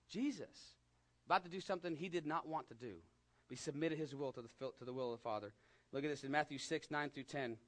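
A man with a West Texas accent preaching a sermon in a conversational way, rising to emphatic peaks and dropping to hushed asides. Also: on the high side, quick pace. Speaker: pastor.

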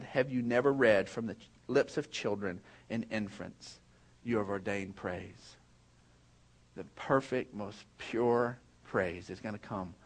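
With a lowish voice, a male pastor shares a humorous personal anecdote in his sermon before turning to a sincere point for the congregation.

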